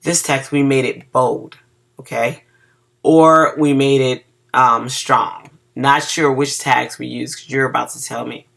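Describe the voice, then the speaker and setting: A casual web design teacher walks through a screen-recorded coding lesson, chatty and checking in with the class. The voice has a gravelly edge and a bright, forward tone. The teacher sounds a little groggy on cough medicine and trips over words now and then. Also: mid-range voice, steady tone, measured pace.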